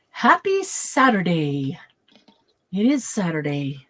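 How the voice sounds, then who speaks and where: A woman hosting a craft livestream in casual chat, bubbly and quick to laugh, greeting viewers by name. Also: a little high, animated. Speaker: craft show host.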